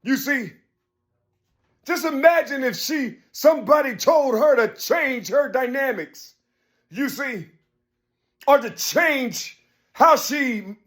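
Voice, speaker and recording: Speaking slowly with frequent pauses, a man wanders through a personal story in a slightly bright voice. He leans on "you see" constantly, trips over his words and restarts, and moves between hushed murmurs and raised, forceful bursts.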